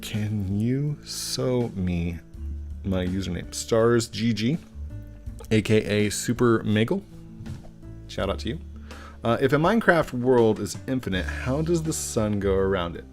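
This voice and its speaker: Low-voiced man streamer answering chat. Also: animated, measured pace. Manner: chatty and goofy, stumbles over usernames. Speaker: game streamer. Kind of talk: casual live-stream chat, reading viewer questions aloud. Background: faint guitar music.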